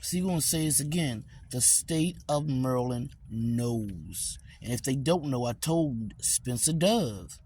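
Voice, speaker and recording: A man's voice: mid-range voice, animated, unhurried, hardly any pauses, darkish tone, slight background noise. A man ranting in a rambling, repetitive, profane way as a TikTok vlogger, recorded on a phone. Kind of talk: rambling profane rant to camera.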